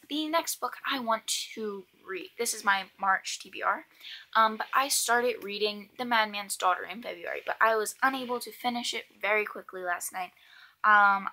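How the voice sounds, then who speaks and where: A thirteen-year-old girl chatting casually about books she read, rambling with frequent ums and quick asides. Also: medium pitch, pushed and bright. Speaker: book vlogger. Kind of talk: casual book review vlog.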